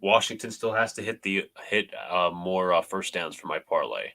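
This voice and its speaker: A man's voice: deep voice, moderate pace, sharp tone. A man co-hosting a fan football stream, breaking down plays and cracking goofy running jokes. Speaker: co-host, color commentator. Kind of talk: livestream play commentary.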